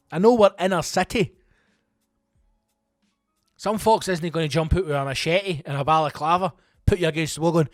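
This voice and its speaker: A man, a comedian hosting his own show, telling a story in a profane, animated, self-mocking way and acting out the quotes. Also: fairly high pitch, moderate pace, long pauses, no room sound, studio quality, faint music behind. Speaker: comedian host. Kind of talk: comic storytelling monologue.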